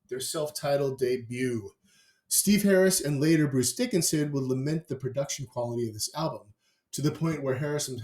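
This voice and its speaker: A man's voice: on the high side, darkish tone. A man hosting a music review, talking through albums with enthusiasm, profanity and wry asides. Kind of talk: opinionated album review monologue. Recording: roomy echo.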